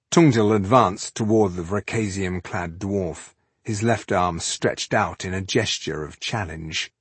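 A man reading an audiobook in an even, measured narration. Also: low-pitched, slightly rough, no echo.

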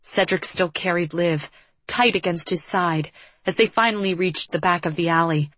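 A woman reading a tense action story aloud as an audiobook narrator, in a steady storytelling manner. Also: fairly low pitch, normal speed, dry recording. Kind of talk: scripted narration.

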